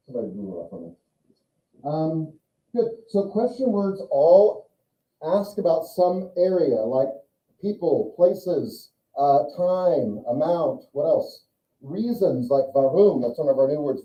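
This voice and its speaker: A male teacher giving a classroom lecture, talking casually and asking his students questions. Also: a little high. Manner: conversational, asks the class questions. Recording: echoey, distant, muffled classroom recording.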